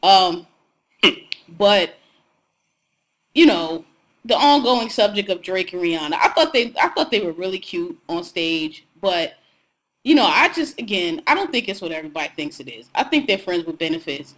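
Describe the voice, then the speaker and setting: A woman's voice: mid-range voice, expressive, normal speed, a bit bright, low-quality recording. A young woman co-hosting a podcast, talking in an outspoken, slangy, profane way about music and celebrities. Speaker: podcast co-host. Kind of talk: casual podcast chat.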